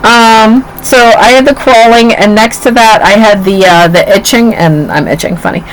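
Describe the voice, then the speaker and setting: A woman's voice: fairly high pitch, normal speed, slight background noise, poor audio. A woman in her forties co-hosting a casual chat, telling stories and acting out what others said. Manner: animated storyteller, acts out quotes. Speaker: podcast co-host.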